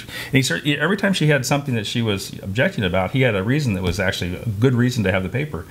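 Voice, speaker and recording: A man's voice: fairly low pitch, a little hiss or hum. A man co-hosting a podcast, chatting casually and telling stories from his working life. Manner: storytelling, quick and chatty. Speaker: podcast co-host, massage therapist. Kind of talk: casual chat.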